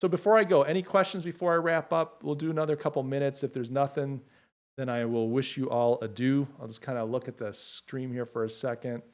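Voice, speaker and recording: A middle-aged man talks straight to his viewers on a casual home livestream. His voice sits at an ordinary middle pitch, and his speech is heartfelt and halting, full of small fillers. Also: little pitch movement. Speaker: livestream host.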